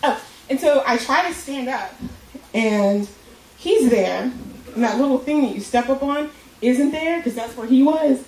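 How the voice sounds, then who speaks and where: A woman's voice: high-pitched, unhurried, far from the mic. A woman telling a crude, profane story in a stand-up comedy set, acting out the quotes. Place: comedy club stage. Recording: echoey club recorded from afar, loud noise. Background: audience laughter.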